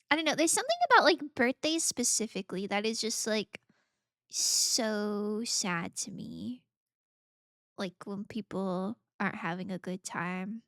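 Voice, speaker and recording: A woman's voice: a little high, animated, normal speed, fairly bright tone, no room sound, studio quality. A woman streamer chatting casually while playing games, bubbly and gushing, laughing often. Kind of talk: casual gaming stream chat.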